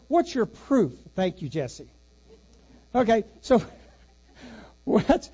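A man's voice: sits high, dark tone, muffled recording. A man preaching as a pastor, telling a personal story and asking the congregation questions in a folksy way. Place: church sanctuary.

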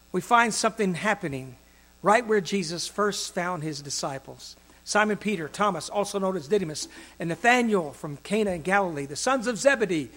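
A man preaching a sermon, acting out the voices in the stories he tells and swinging from loud to soft. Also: sits high. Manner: dramatic, acts out quoted voices with big swings in loudness.

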